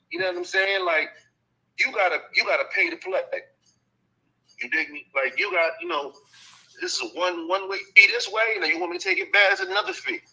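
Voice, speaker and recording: A man tells a rambling story in casual talk, his voice bright and edged, swinging widely up and down in pitch. He keeps dropping in "you know what I'm saying" and slips into the voices of the people he quotes. The sound has a radio-broadcast feel. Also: sing-song, normal speed, pauses often, poor audio. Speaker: dog transporter telling a story.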